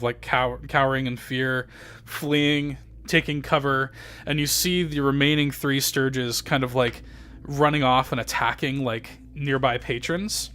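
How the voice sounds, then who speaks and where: A man's voice: mid-range voice, a bit bright. A man running a tabletop game as game master, narrating loosely with many fillers and casual swearing.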